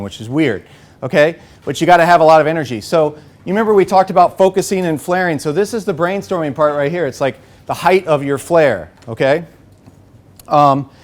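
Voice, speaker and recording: Man running a workshop, slightly high voice, energetic coaching tone, keeps checking in with the room. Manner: energetic, coaching tone with frequent "okay?" and "right?" check-ins. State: a bit out of breath. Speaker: workshop facilitator. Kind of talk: live workshop instruction.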